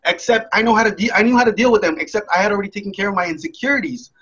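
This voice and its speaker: A young man telling a candid personal story in a blunt, profane, animated way. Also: high-pitched, very fast, breathy edge. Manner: profane, blunt, animated, acts out his past self. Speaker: motivational speaker. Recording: dull lo-fi sound.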